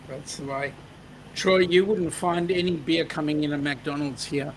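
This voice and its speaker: A man's voice: a little high, fairly even intonation, measured pace, a little hiss or hum, low-quality recording. Australian man reading viewer comments. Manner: reads out viewer comments, joking. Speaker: host. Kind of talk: casual live-stream chat.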